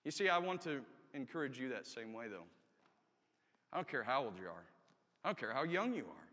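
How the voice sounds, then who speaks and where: A man's voice: medium pitch, big pitch swings, brisk, long pauses, pushed and bright. Earnest preacher man in a reverberant church. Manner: earnest, candid storytelling with emphatic rises. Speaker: army chaplain preaching. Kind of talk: testimony sermon. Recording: long reverb of a church hall.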